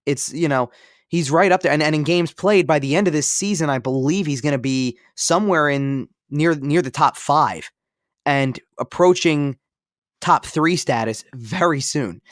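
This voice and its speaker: A man's voice: on the high side, normal speed, no echo, clean studio sound. A man co-hosting a podcast in casual sports talk, rambling and repeating himself with many fillers. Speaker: podcast co-host.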